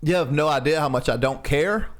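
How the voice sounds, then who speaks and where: Male podcast co-host, high voice, excitable storyteller, casual and profane. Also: a little fast. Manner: animated storytelling, swearing, laughing often. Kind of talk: casual chat.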